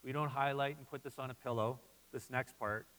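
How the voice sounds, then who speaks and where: A man preaching a sermon as pastor, animated and repeating his phrases as he voices listeners' doubts. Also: medium pitch, fairly quick, big-room sound, low-quality recording.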